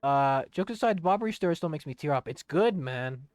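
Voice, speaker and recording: A man's voice: on the high side, lively intonation, a little fast, darkish tone, dry recording. A man streaming a video game, giving loose, rambling commentary with some swearing.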